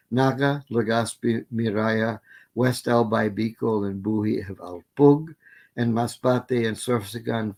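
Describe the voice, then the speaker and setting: Older man, low voice, methodical lecturing. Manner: methodical, listing word forms, frequent fillers. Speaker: linguistics lecturer. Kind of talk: academic plenary lecture.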